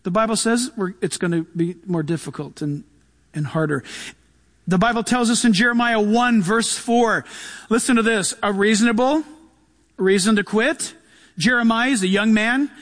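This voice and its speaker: A man preaching a sermon in a lively, animated way, acting out quotes and laughing often. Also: high voice, normal speed. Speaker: pastor. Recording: long hall reverb.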